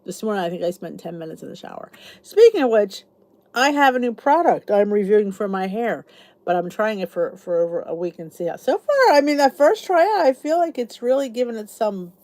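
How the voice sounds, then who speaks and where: Middle-aged philly lady rambling to her live chat, lively up-and-down voice, mellow tone. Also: mid-range voice, fairly quick, no echo. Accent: Philadelphia. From Philadelphia area. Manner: chatty, rambling, reads comments aloud. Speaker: YouTube channel host. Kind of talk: casual chat with live viewers.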